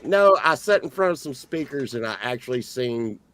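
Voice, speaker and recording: Rambling, halting middle-aged man telling a story. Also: mid-range voice, animated, fairly bright tone. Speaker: podcast co-host. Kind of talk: casual storytelling chat.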